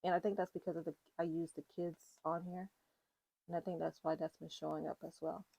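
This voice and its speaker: A woman's voice: low voice, flat delivery, brisk, vocal fry, mellow, no room sound. A woman giving a casual, rambling tarot reading to her viewers, full of fillers and restarts. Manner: chatty, rambling, with fillers and self-corrections. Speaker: tarot reader.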